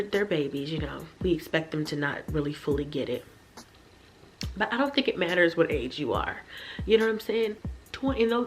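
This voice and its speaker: A young woman talks to her camera from her bedroom, her low voice worn down by a stressful day. She speaks candidly and swears freely, addressing her viewers directly. A faint music bed plays under her talk. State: tired and stressed. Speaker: vlogger, mother.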